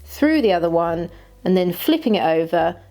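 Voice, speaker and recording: A young woman hosting a crafting tutorial, excitedly explaining each step as she works. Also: lowish voice, moderate pace. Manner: gushing, excitable, chatty. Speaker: puppet maker, tutorial host. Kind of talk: crafting tutorial, talking while working.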